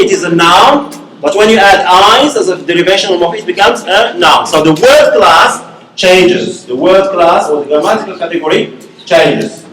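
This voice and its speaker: Guy lecturing a class, kinda high voice, says okay? a lot, mic far off. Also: a bit bright. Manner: repeats key words, checks understanding with "okay?". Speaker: university lecturer. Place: echoey classroom. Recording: echoey room from far off.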